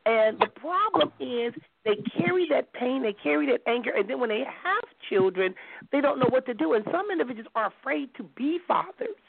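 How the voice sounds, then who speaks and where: Female call-in radio host, gravelly and earnest, dry lo-fi phone quality. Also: high-pitched, big pitch swings, normal speed, no echo. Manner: earnest, reflective, reads messages aloud. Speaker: radio talk show host.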